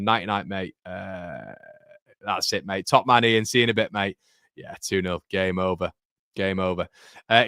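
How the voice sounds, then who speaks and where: A man hosting a live football watchalong, chatting casually with viewers and calling them mate, with loud bursts of excitement when goals go in. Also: on the low side, dry recording, studio quality. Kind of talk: live match reaction chat with viewers. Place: home room.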